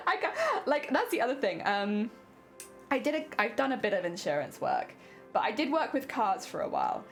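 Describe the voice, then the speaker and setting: A woman's voice: a little high, huge pitch swings, moderate pace, soft background music. A young adult woman chatting casually during a crafting stream, laughing often and repeating words as she talks. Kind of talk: casual chat while crafting.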